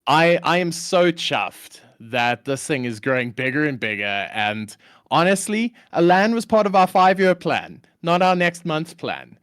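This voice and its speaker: A man's voice: a little high, big pitch swings, unhurried, a bit bright, clean tone, no room sound, studio quality. A man hosting a live stream, talking with enthusiasm and poking fun at himself. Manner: enthusiastic, playfully self-mocking. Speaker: stream host.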